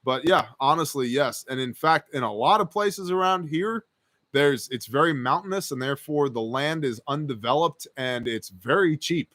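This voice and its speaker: A man's voice: fairly high pitch, normal speed, fairly bright tone, dry recording. A man hosting a live stream Q&A, reading viewer questions aloud and answering them in a casual, joking, rambling way. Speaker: host.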